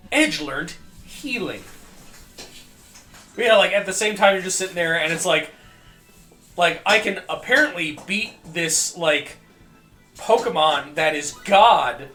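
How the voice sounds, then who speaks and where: A man streaming a video game, rambling and joking with profanity, often coughing and clearing his throat. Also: high-pitched, lively intonation, slow pace, long pauses, sharp tone, echoey room, soft background music. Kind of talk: casual gameplay commentary.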